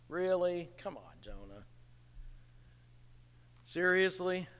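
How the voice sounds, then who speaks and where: A man preaching a sermon in an animated way, acting out the people he quotes. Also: high voice, a little slow. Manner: animated, acts out quoted voices, chuckles at the irony. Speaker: pastor. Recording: reverberant hall.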